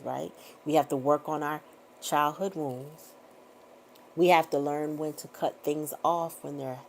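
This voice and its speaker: A woman's voice: deep voice, gravelly, a little mellow, slight background noise. A middle-aged woman giving blunt, profane motivational talk as a tarot reader, pressing her points with repeated affirmations. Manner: emphatic, repetitive affirmations. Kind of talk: casual motivational chat.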